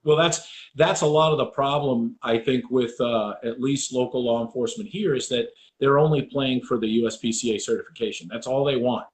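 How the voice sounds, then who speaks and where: An American man hosts a relaxed interview. He tells anecdotes with lots of energy, jumps up in pitch to act out other people's shouts, and swears casually. His voice sits at a mid pitch. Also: fairly quick, few pauses. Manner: animated storyteller, acts out quotes, swears. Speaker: podcast host.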